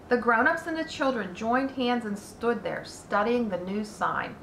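Woman teacher, slow deliberate read-aloud; roomy echo. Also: fairly high pitch, vocal fry, fairly bright tone, a little hiss or hum.

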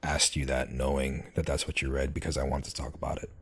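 A man's voice: a bass voice, little pitch movement, fast talker, a little hiss or hum. A man hosting a podcast, chatting casually and telling rambling stories with many fillers and restarts. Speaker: podcast host. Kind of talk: casual chat.

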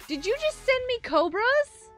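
A woman with a very high, bright voice that leaps up and down as she chats through a live game stream. She talks at an unhurried pace, gushing and giggling as she thanks viewers. Faint game music plays behind her. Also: very animated. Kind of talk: casual live gaming stream chat.

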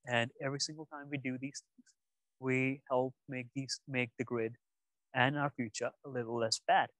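A young man chats casually with a room of students and tells stories with lively energy. His voice sits at an ordinary middle pitch and the sound is dry and close. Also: moderate pace, no room sound, rough recording. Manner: animated storytelling. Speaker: speaker at a youth session. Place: room with an audience.

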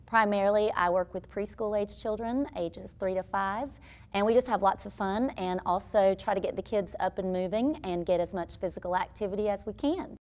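A woman's voice: medium pitch, moderate pace, darkish tone. A woman who teaches children's movement classes, guiding young kids through animal yoga poses in a cheerful, encouraging way. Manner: cheerful, encouraging, speaks simply to small children. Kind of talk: leading a kids' yoga class.

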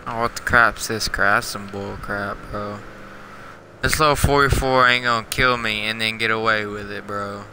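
A young man streams a game with a very bright, piercing voice, trash-talking other players in loose slang. He says he is half asleep. A faint hiss of noise sits under his voice. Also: on the low side, fairly even intonation, normal speed, poor audio. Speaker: livestreaming gamer. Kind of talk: casual game commentary.

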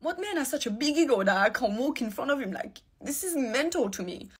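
A woman's voice: high-pitched, animated, a little fast. A woman telling a personal story to camera in an agitated, rambling way.

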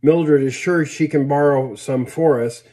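A man's voice: fairly high pitch, unhurried, dark tone, close to an everyday voice. A man voicing a cheerful, eager sixteen-year-old girl in a read-aloud story. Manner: eager, coaxing.

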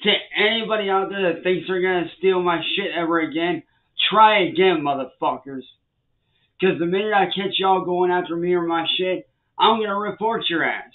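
A man's voice: high voice, normal speed. A man ranting angrily to the camera, swearing and repeating threats and warnings at people he calls trolls. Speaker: vlogger. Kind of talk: angry rant to the camera. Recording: tinny phone-like sound.

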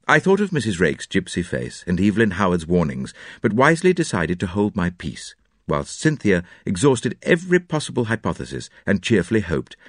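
A man narrating a classic detective novel in an expressive, dramatic storytelling manner. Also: sits low, a little fast, dry recording, clean studio sound. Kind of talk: audiobook narration.

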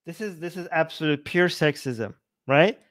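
A man with a slightly high voice gives loose, sarcastic commentary on scripture. He talks in an animated way, stops to restart his sentences, and breaks into mocking paraphrases. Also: normal speed. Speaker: podcast co-host.

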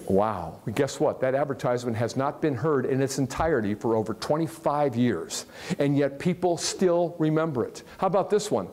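A man from Ohio giving a live motivational talk to an audience, animated and jokey, often putting questions to the crowd. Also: mid-range voice, moderate pace. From Ohio, USA. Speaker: motivational speaker. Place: large hall with a live audience.

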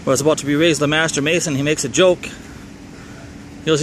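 This middle-aged Minnesotan man wanders through a personal anecdote, regularly doubling back to fix what he said. He speaks at normal speed in a steady, slightly bright tone, his somewhat high voice carrying a wry edge, while soft traffic and outdoor sounds murmur behind him.

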